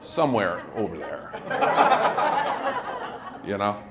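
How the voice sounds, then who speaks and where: A male stand-up comedian doing loud, teasing crowd work on a club stage. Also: deep voice, big pitch swings, slow pace, creaky, heavy background noise. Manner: loud, brash, teasing the audience. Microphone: handheld stage mic. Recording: live club with crowd laughter. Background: audience laughter.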